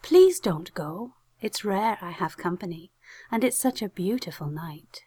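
A man voicing a seductive mermaid princess in a soft, breathy, half-whispered voice. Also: sits high, lively intonation, measured pace, voice pushed up, full character voice.

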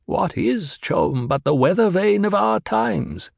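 Snappish old lady sneering at a pupil, a guy doing her voice, high and gravelly, dry sound. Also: expressive, slow pace, no room sound, full character voice. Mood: lecturing. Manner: sneering, cruel mimicry. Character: old woman, stern snappish mentor. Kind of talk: audiobook character reading.

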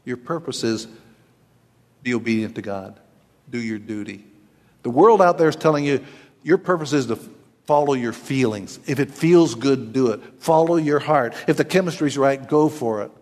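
A man's voice: medium pitch, moderate pace, a little mellow, long reverb tail. A man in his sixties preaching a sermon as pastor, folksy and joking, with homespun asides. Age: 60s.

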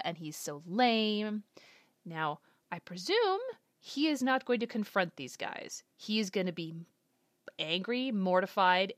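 Woman reacting to anime, chatty, guessing out loud, mid pitch, dry sound. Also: no echo. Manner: chatty, speculative, thinking aloud. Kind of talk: casual reaction commentary.

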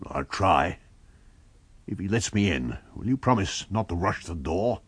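A man's voice: low-pitched, animated, unhurried, husky, dry recording, full character voice. A man reading a tense officer who answers tersely and guardedly. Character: tense male officer facing an unseen foe.

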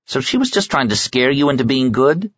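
A man voicing a young girl who speaks in a hushed, worried whisper. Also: mid-range voice, big pitch swings, a little fast, no echo, highs cut off, pitched above the performer's own voice. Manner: hushed, questioning.

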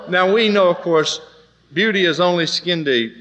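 A man preaching with an animated storytelling manner, acting out other people's voices. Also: sits high, moderate pace, very noisy. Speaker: preacher telling a testimony. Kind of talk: storytelling sermon.

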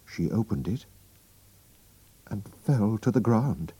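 A man slowly and expressively reading a storybook aloud for learners. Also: on the low side, animated, warm tone, slightly rough, no room sound. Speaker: narrator.

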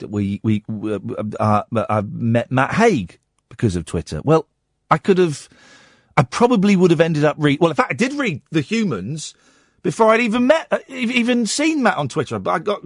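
A croaky, husky man hosting a late-night radio show, his pitch swinging widely as he rambles and rants with a sardonic edge. His voice is recorded dry and close on a studio microphone. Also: dry recording.

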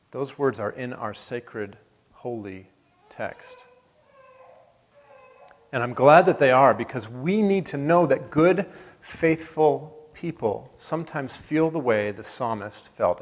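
A man preaching a sermon as pastor, earnest, building to emphatic peaks and then dropping soft. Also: medium pitch, expressive, moderate pace. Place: church sanctuary.

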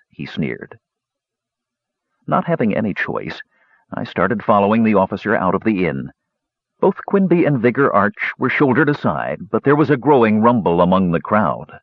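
Husky, animated male storyteller. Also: low voice, moderate pace, no room sound, dull audio. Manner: expressive, theatrical storytelling. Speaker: audiobook narrator. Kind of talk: scripted first-person story narration.

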